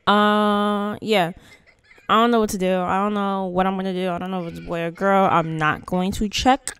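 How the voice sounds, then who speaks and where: A woman talking through a life-simulation game in a relaxed, chatty way, tossing in playful slang as she goes. Her voice is smooth and clear, in a mid range, recorded close and dry with no room around it. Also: medium pitch, moderate pace, no echo. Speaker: gaming channel host. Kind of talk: casual gameplay commentary.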